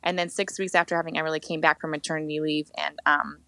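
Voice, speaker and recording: A woman in her thirties, a worship leader, telling her faith story on a podcast guest spot in a lively, expressive way, acting out what she once said. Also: sits low, quick pace, no echo. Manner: animated storytelling, acts out her own past words. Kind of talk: candid personal testimony.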